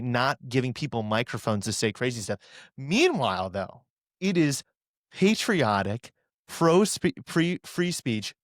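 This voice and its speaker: A man's voice: medium pitch, no room sound, studio quality. A man co-hosting a political commentary show, talking in a sarcastic, indignant way.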